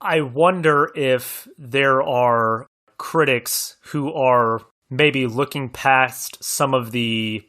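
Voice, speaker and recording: A man with a bright, tense voice talking movies as a podcast co-host. He hedges his opinions earnestly and laughs often as he goes. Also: medium pitch, extremely slow, hardly any pauses. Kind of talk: casual film discussion.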